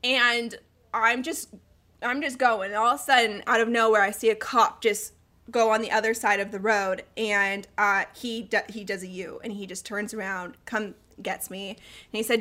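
A young woman in her twenties chatting casually, telling lively stories with laughs and quoted voices. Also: medium pitch, normal speed. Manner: animated storytelling with laughter and acted quotes. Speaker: guest storyteller. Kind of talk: casual chat.

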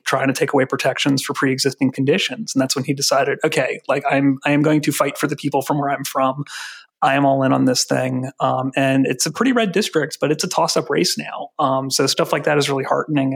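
A man's voice: mid-range voice, vocal fry, husky. A man from New Jersey, a volunteer organizer guest, talking earnestly and fluently in casual podcast chat, with many fillers.

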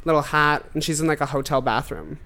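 A man's voice: a little high, fairly even intonation, brisk, bright, forceful tone. A young man, a podcast guest, chatting casually and telling a story with lots of fillers and asides. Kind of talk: casual chat.

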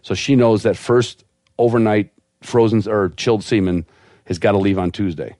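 A man telling a long story on a podcast in an animated, laughing way, as a guest who breeds dogs. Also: on the low side, moderate pace, no echo, clean studio sound.

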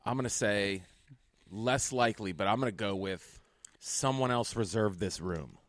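A man's voice: lowish voice, normal speed, dry recording. Man rambling through comedic stories. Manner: rambling storyteller, laughs at his own bits. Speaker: comedian and podcast host. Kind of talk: casual comedic banter. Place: large empty hotel conference room.

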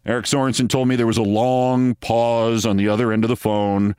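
A man's voice: medium pitch, level tone, fairly quick, darkish tone, smooth, no room sound, studio quality. A middle-aged man hosting a news commentary show, delivering a scripted monologue in an emphatic, sardonic way. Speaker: host.

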